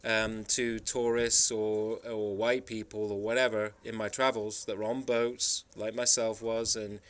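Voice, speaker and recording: A man's voice: on the low side, flat delivery, a little slow, smooth. A man from the Isle of Man telling travel stories in a rambling, emphatic monologue. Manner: rambling, emphatic storytelling with frequent restarts. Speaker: travel vlogger. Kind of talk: casual monologue.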